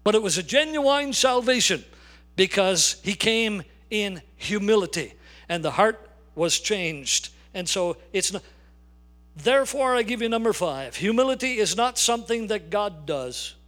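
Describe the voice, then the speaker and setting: An older man preaching a sermon as a pastor, emphatic, slowing down to stress key words. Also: sits high, animated, fairly bright tone.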